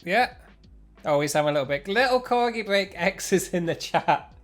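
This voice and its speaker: A man's voice: high voice, expressive, moderate pace, fairly bright tone, faint music behind. A man chatting casually on a live stream as he reacts to clips, teasing and giggly.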